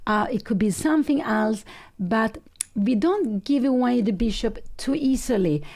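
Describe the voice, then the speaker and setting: Gravelly-voiced woman commentating chess. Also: on the high side, animated, a little slow, a little mellow. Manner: analytical, thinking aloud with frequent self-corrections; non-native English phrasing. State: slightly rough early-morning voice, clearing throat.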